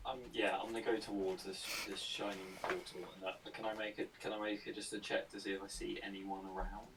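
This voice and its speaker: A man playing a tabletop game, speaking quietly and hesitantly. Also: lowish voice, little pitch movement, fast talker, noisy background. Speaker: player. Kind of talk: casual play at a tabletop game.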